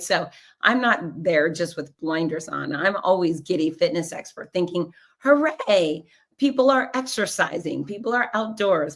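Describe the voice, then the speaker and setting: A hoarse woman with a husky, raspy voice hosting her podcast in a bubbly, rambling chat, laughing often. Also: fairly low pitch, a bit bright. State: hoarse after race announcing. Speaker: podcast host and race announcer. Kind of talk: casual chatty monologue.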